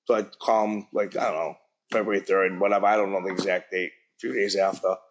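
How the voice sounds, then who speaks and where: A middle-aged man telling his own story at a public forum, speaking plainly and haltingly. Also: deep voice, fairly even intonation. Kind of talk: personal testimony at a public forum. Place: university event hall.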